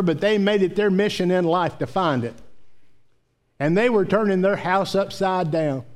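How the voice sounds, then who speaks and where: A man's voice: high-pitched, darkish tone. A male pastor preaching a sermon, telling folksy stories and repeating key phrases for emphasis. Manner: folksy storytelling, emphatic repetition.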